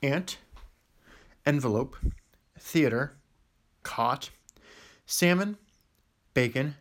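A man's voice: medium pitch, drawn-out words. A man with a Western Pennsylvania accent reading a word list for an accent challenge vlog, with casual asides between words. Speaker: vlogger.

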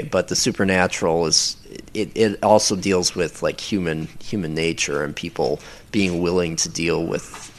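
A man talking casually in an interview about his audio recordings, rambling with many pauses and restarts. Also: low-pitched, fairly bright tone.

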